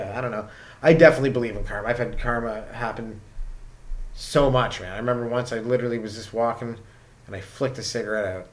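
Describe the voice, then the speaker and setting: A young Canadian stand-up comedian with a medium-pitched voice rambles through a casual comedic rant. It's full of swearing and "like" fillers.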